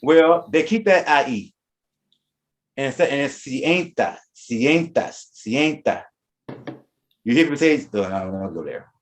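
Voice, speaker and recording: A man's voice: medium pitch, animated, a little slow, long pauses. Guy teaching a class, goes through verb forms one by one, keeps restarting his words, plain mid voice. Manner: repeats and restarts words while explaining; reads out verb conjugations one by one. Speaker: Spanish teacher. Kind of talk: classroom lesson.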